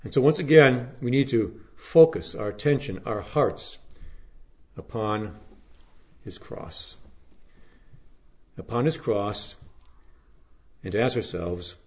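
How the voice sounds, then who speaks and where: In this clip, a pastor reads scripture for Good Friday, then preaches with earnest, measured delivery that climbs dramatically and falls to a hush. His pitch sits in the medium range.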